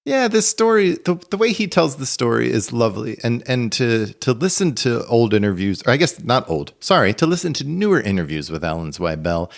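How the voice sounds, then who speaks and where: A man's voice: mid-range voice, very animated, a little fast, vocal fry, few pauses. A man co-hosting a podcast in casual chat, rambling through anecdotes with many fillers. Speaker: podcast co-host.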